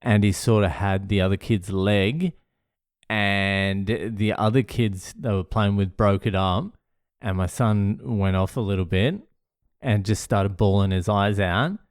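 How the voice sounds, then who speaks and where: A man's voice: lowish voice, clean tone, no room sound, clean studio sound. A man telling a story to camera in a blunt, sweary way, getting worked up as he talks. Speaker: vlogger.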